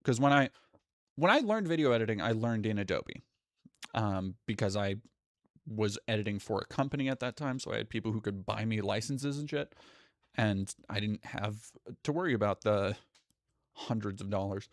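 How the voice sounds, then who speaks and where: A man's voice: lowish voice, expressive, normal speed, no room sound, clean studio sound. A man streaming live, chatting casually and profanely while reading out viewer comments. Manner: rambling, profane, reads chat aloud. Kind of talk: casual livestream chat.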